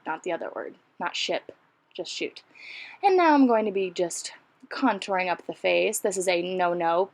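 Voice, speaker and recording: A woman's voice: medium pitch, creaky. A woman narrating a casual makeup tutorial in a chatty, self-deprecating way, full of rambling asides. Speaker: beauty vlogger.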